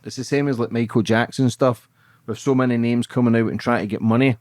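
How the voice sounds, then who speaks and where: A man's voice: mid-range voice, fairly even intonation, fairly quick, darkish tone, dry recording, studio quality. A man hosting a podcast and asking casual, probing interview questions. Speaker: podcast host.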